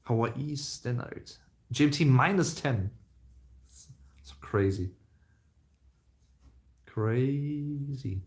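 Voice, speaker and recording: Young male streamer, rambling casual Q&A chat, mid-pitched, full of ums. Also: expressive, takes it slowly, long pauses. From Germany. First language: German. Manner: chatty, rambling, with many fillers and restarts. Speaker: live streamer.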